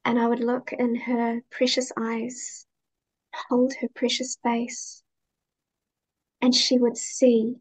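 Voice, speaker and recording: A woman's voice, set a little high and held fairly level in pitch. She talks in a gentle, heartfelt way, reflective and unhurried as she answers questions in an interview. She sounds like a woman in her thirties. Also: completely flat delivery, husky. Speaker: interview guest.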